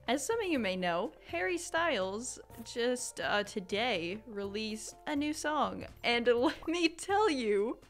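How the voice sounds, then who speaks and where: Excitable young woman, bright voice. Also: mid-range voice. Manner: excitable, dramatic, prone to shrieking outbursts. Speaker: gaming YouTuber. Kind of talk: casual let's-play commentary.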